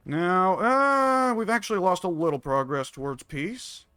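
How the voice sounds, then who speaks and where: A man's voice: a little high, animated, brisk, fairly bright tone, dry recording. A man casually commenting on his own strategy game, musing and wry, talking half to himself. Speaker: gameplay commentator.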